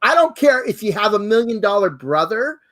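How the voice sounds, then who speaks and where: A man with a high voice that leaps all over the place, demonstrating sewing gadgets with gushing excitement. He keeps exclaiming how fabulous things are. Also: normal speed. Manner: exuberant, exclaims and repeats "fabulous" and "hello". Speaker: costume designer and co-host. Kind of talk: enthusiastic product demo chat.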